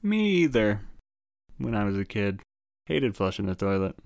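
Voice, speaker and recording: A man co-hosting a casual history podcast, trading deadpan jokes and wry asides. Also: lowish voice, moderate pace, gravelly, no room sound, clean studio sound. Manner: deadpan joking banter. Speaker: podcast co-host.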